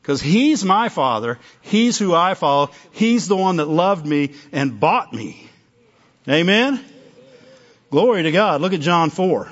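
Conversational preacher with a dull recording. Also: male voice, a little high, sing-song, measured pace. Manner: conversational, self-interrupting, acts out little dialogues. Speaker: pastor. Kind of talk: sermon.

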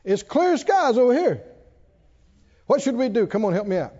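Male preacher, very high voice, animated sermon delivery, mimics the congregation, long church reverb, dull lo-fi sound. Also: normal speed, slightly rough. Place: church sanctuary.

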